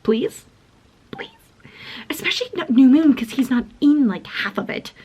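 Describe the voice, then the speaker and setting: A woman's voice: high-pitched, very animated, moderate pace, a little mellow, lo-fi sound, slight background noise. A young woman chatting casually in a reading vlog, gushing and giggly, full of "like" and often dropping into a whisper. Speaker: book vlogger.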